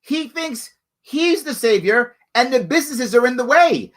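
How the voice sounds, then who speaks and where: Speaking unhurriedly in a very high-pitched voice, this live-show host answers viewer questions on his own in a call-in format. He comes across emphatic and animated, repeating points for emphasis.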